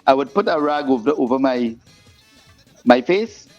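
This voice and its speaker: A man being interviewed as a guest singer, telling stories in a lively way and acting out the voices of the people in them. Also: medium pitch, moderate pace. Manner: animated storyteller, acts out quoted voices. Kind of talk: storytelling interview chat. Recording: muffled podcast audio with faint music.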